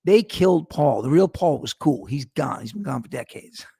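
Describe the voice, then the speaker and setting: A middle-aged man hosts his own podcast in a loose, rambling monologue, swearing freely and wandering off topic. His voice has a gravelly edge, and the sound is dry and close with no room around it. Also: fairly high pitch, animated, moderate pace, mellow, dry recording. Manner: rambling, profane, digressive. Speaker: podcast host. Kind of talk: casual monologue.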